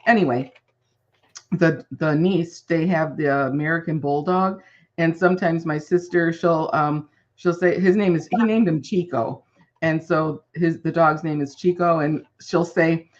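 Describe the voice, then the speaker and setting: Woman, low voice, rambling, giggly, casual crafting chat, muffled lo-fi audio. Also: fairly even intonation, unhurried.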